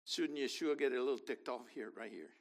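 A man preaching a sermon, animated, acting out scenes and questioning his congregation. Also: medium pitch, fairly quick. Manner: animated, acts out biblical figures, talks to congregation. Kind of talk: sermon, Bible teaching.

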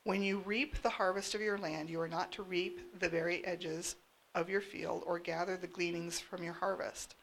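A woman reading Bible verses aloud in a steady, plain voice. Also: lowish voice, normal speed, slight background noise. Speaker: scripture reader.

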